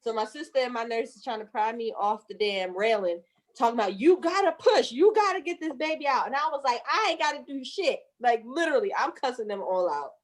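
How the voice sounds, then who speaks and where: Lively, laughing woman telling a story. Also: a little high, brisk. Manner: lively, laughing, cussing, acts out voices. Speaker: guest mom telling a birth story. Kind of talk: animated storytelling with acted-out quotes.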